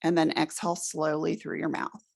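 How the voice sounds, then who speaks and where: Calm, slow woman with a gravelly voice. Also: low voice. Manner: slow, calm, soothing instructions. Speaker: speaker leading a guided exercise. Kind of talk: guided relaxation exercise. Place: presentation room with an audience.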